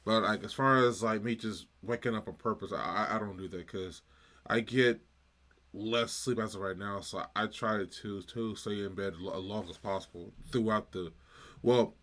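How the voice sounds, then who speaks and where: Low-voiced man chatting loosely. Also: steady tone, a bit bright. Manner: loose, halting chat with restarts. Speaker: reaction video host. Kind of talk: casual reaction commentary.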